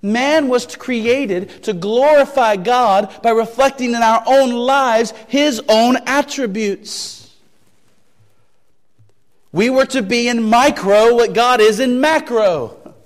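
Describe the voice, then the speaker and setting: Pastor guy giving a sermon, pretty high voice, takes his time, repeats stuff for emphasis. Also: in a large hall. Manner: deliberate, repeats key phrases for emphasis; poses searching rhetorical questions.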